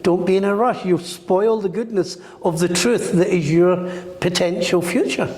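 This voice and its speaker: This guest, a psychic medium being interviewed on a podcast, has a high voice and speaks at normal speed. He tells stories with animation, voicing the people involved, and the space sounds roomy with long reverb.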